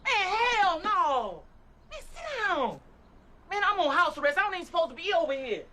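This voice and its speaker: An actor playing a fast-talking young male stoner buddy who pushes his friend around with loud street slang. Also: very high voice, sing-song, crowd noise. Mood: exasperated.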